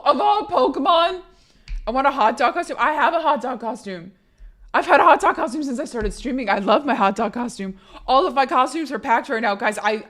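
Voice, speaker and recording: A young woman streamer, hoarse from being sick, chatting casually and profanely while reading out her chat. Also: high-pitched, fairly bright tone.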